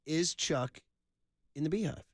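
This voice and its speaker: A man's voice: on the high side, a little slow, background noise. A middle-aged man hosting a sports radio show, chatting casually and telling teasing stories. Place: radio studio.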